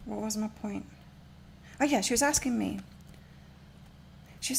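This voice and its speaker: A woman's voice: mid-range voice, unhurried, gravelly, slight background noise. A woman reading tarot and oracle cards on a live stream from her home, chatting and rambling as she gives spiritual advice. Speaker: tarot and oracle card reader.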